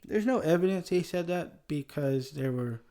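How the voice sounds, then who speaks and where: Chuckling often and staying loose and conversational, a Southern-accented man hosts a casual history podcast. His mellow voice sits a little high and is expressive, moving at a moderate pace.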